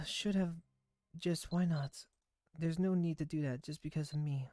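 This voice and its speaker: A man reading the lines of a frail, sickly girl full of regret, softly and haltingly. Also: a little high, lightly acted. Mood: sorrowful. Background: faint game music.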